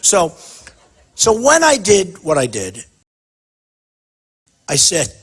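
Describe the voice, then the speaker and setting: A husky-voiced man with a somewhat high pitch, holding forth at a campaign town hall. He talks off the cuff and boasts freely. He wanders from point to point and keeps circling back to the same phrases. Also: wildly swooping pitch, takes it slowly, fairly bright tone. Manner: boastful, rambling, repeats himself. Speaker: political candidate at a town hall.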